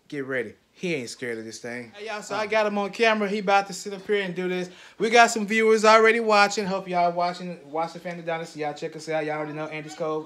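Hyped and playful, a father hosting his family's vlog calls out to viewers and pokes fun at his son in casual commentary. His voice is on the high side and a bit bright.

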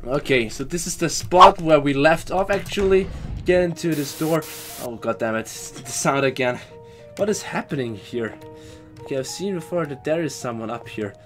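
A young man commentates a horror game as a let's play host, reading lines aloud and reacting loudly when scared. His pitch swings widely from muttered asides to excited yells. Faint music plays underneath. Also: moderate pace. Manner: animated, shouts and swears when scared. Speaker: gaming YouTuber.

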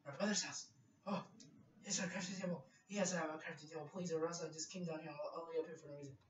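A man's voice: a little high, fairly even intonation, fast talker. A man giving gameplay commentary, talking to himself in jumpy, nervous bursts, often repeating phrases and calling out to viewers. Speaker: gameplay video creator. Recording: distant, roomy, dull lo-fi mic with faint hiss.

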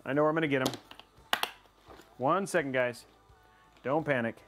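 A man's voice: mid-range voice, normal speed, music in the background. A man live-streaming a PC build, talking to his chat in a playful, rambling way and teasing them.

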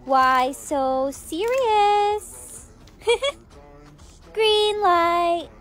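A woman voicing a cruel, gloating caller of a deadly game who talks slowly and giggles between taunts. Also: very high voice, fairly bright tone, soft background music, heavily acted. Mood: taunting.

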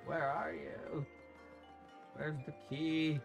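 A man's voice: on the high side, level tone, very slow, creaky, dull audio, over music. A man hosting a video game playthrough, chatting in an offhand, wry way and swearing now and then. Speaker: video game let's-play host. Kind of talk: casual game commentary.

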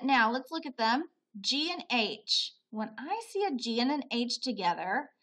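Woman, teacher, sounds out words for kids, unhurried, slightly high pitch, lots of praise. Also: fairly bright tone. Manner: slow, patient, repeats words aloud for pupils; praises often, asks questions and answers them. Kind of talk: phonics lesson for children.

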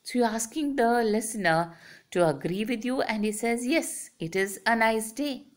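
A woman's voice: fairly high pitch, normal speed. A woman lecturing on English grammar, explaining step by step and drawing out her example sentences. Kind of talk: slow, deliberate grammar lesson.

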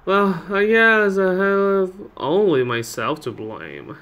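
A man's voice: lively intonation, slow pace, a bit bright, full character voice. A man doing a tearful frail old woman. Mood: polite, gentle. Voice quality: high wavering voice. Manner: apologetic and pleading.

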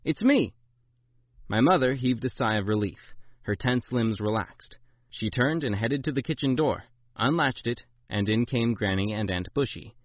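A man narrating a memoir, voicing the quoted lines with big jumps in pitch and loudness. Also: moderate pace, no room sound. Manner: voices the quotes with big rises in pitch and volume. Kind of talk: dramatic memoir reading. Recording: dull, lo-fi dry recording.

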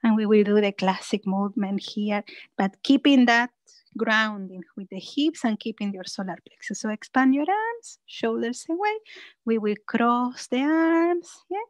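Gentle, slow-speaking yoga teacher woman. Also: a little high, animated, no room sound, poor audio. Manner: gentle, soothing cues with frequent "yeah?" checks; breathy sighs and soft whispered cues on exhales. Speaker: yoga instructor. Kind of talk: guided chair yoga class.

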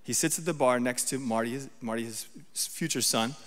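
A man's voice: mid-range voice, fairly quick, big-room sound. A man giving a sermon as guest preacher, talking conversationally and often checking in with the congregation. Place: church sanctuary.

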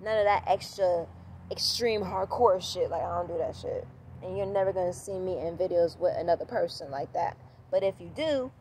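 Animated woman vlogging outdoors, light noise. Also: fairly low pitch. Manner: animated, repetitive, swears freely. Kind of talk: casual vlog monologue. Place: outdoors at sunset.

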